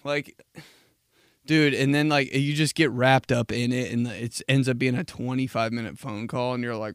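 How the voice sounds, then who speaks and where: A man's voice: mid-range voice, steady tone, moderate pace, a bit bright, clear, resonant tone, dry recording, clean studio sound. A man in his twenties hosting a podcast, riffing in a casual comedic monologue, swearing freely and laughing at his own jokes. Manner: profane, laughs at his own jokes, jumps into mocking voices. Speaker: podcast host.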